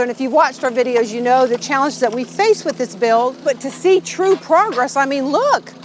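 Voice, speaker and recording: A woman vlogging outdoors at a building site, talking with gushing excitement about their house. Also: sits high, a little fast, few pauses, slight background noise, rough recording. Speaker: homestead vlogger. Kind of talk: casual vlog walkthrough.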